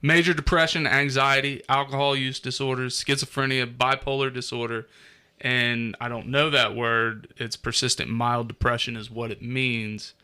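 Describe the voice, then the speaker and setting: Male podcast co-host, bright voice, loose and profane, reads numbers aloud. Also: medium pitch, little pitch movement, moderate pace, clean tone. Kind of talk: casual podcast chat.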